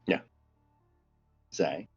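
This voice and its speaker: A man chatting with friends over a voice call, profane and excitable, jumping in with quick remarks. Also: highs cut off, soft background music. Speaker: player. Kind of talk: casual chat over voice call.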